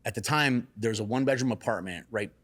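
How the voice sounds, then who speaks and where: Low-voiced man telling a casual story. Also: fast. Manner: animated, acts out quotes in raised excited voices; casual, swears freely. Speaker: salon and barbershop owner, guest.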